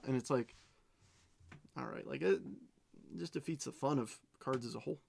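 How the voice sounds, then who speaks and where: A man's voice: mid-range voice, moderate pace, gravelly, pauses often, a little hiss or hum. A man hosting a card break, chatting casually and reading out each card as he goes, with playful self-mocking asides. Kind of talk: casual live card-opening commentary.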